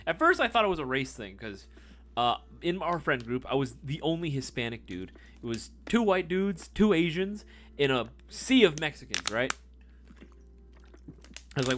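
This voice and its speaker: Young dude on a live stream telling a story, swears a lot, voice bouncing up and down, gets loud then drops low. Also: male voice, fairly quick, long pauses, soft background music. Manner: animated, profane, swings between loud and low. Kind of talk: casual storytelling.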